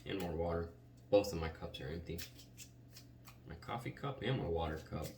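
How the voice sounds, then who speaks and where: A man's voice: sits low, moderate pace. A man giving a casual tarot reading in a chatty, rambling way, often saying "like.". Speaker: tarot reader. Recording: roomy, distant mic, faint noise.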